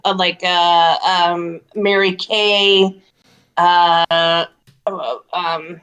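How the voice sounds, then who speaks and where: A woman's voice: on the low side, a bit bright, low-quality recording. A woman chatting casually on a podcast, rambling with many fillers and restarts.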